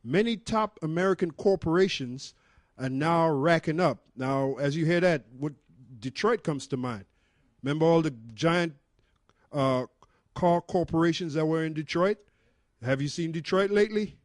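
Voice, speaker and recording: A man's voice: a little high, normal speed, dry recording, studio quality. A man earnestly reading from an article and explaining it to a group, with frequent fillers. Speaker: member of a religious group presenting research.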